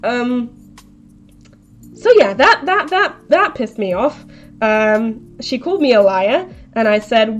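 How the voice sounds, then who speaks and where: A woman's voice: on the high side, big pitch swings, takes it slowly, faint music behind. A young adult woman live streaming, retelling a story in a chatty, rambling, indignant way.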